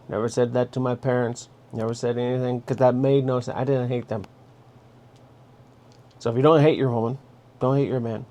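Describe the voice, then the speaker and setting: A man's voice: mid-range voice, brisk, darkish tone. A man hosting a casual advice monologue, speaking bluntly and directly and telling listeners what to do. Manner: blunt, direct, giving orders. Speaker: host.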